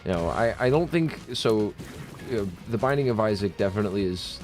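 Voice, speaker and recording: Rambling low-voiced male streamer. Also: animated, brisk, soft background music. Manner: rambling, joking, stammering restarts, frequent laughter. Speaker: live-streaming gamer. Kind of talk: casual live-stream chat while gaming.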